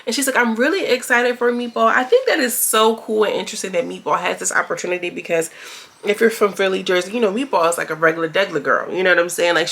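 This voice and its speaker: A woman's voice: on the low side, fairly bright tone. A young woman chatting casually as she recaps a reality TV episode, candid and swearing freely, acting out lines from the cast.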